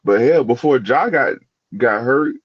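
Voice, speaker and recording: A man's voice: mid-range voice, lively intonation, unhurried, husky, dry recording, lo-fi sound. A man co-hosting a podcast in casual chat, rambling and restarting as he searches for words. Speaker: podcast co-host.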